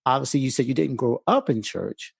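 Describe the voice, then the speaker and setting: A man hosting a podcast interview, asking questions in a halting way and often repeating words. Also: medium pitch, expressive, creaky, breathy edge, no echo. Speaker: podcast host. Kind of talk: casual interview chat.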